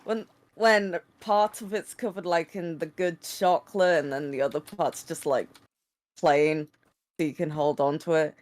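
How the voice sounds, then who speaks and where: A woman's voice: deep voice, fairly even intonation, a little slow, darkish tone. A young woman in casual chat, reacting to a story with laughs and disbelief. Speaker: listener, co-host.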